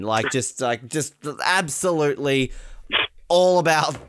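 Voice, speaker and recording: A man's voice: mid-range voice, expressive, moderate pace, a bit bright, a little hiss or hum. A man co-hosting a casual podcast chat, rambling and sarcastic with many fillers and restarts. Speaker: podcast co-host.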